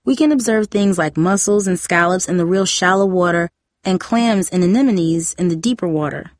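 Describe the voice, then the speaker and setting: A woman's voice: fairly low pitch, moderate pace, no echo, studio quality, natural voice. Woman doing an earnest teenage girl. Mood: eager.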